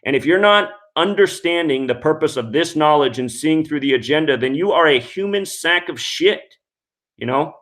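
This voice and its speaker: A man's voice: a little high, animated, moderate pace, fairly bright tone. A man hosting a call-in radio show, ranting angrily and swearing constantly at callers and critics. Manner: angry, scornful, swears constantly. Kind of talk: profane call-in show rant.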